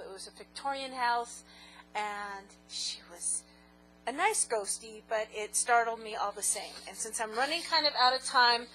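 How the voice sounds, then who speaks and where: A woman's voice: a little high, bright, forceful tone, a little hiss or hum, rough recording. A woman vlogger answering viewer questions in a giggly, rambling, self-mocking casual chat.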